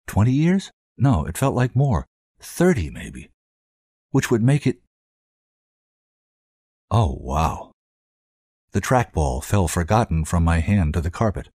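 Expressive male story reader, dry and close. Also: sits low, measured pace, pauses often, husky, no room sound. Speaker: host and reader. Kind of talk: scripted fiction narration.

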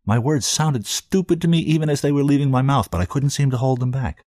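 A man hosting a show and reading fiction aloud in an expressive storytelling manner. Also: medium pitch, fairly quick, dry recording, clean studio sound. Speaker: host and reader. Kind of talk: scripted fiction narration.

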